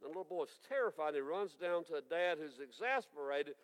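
A man, preaching a sermon as folksy, animated storytelling. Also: a little high, fairly quick, long reverb tail, rough recording. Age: 60s.

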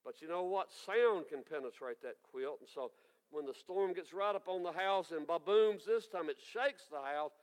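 A man, preaching a sermon as folksy, animated storytelling. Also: on the high side, normal speed, clean tone, big-room sound, poor audio. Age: 60s.

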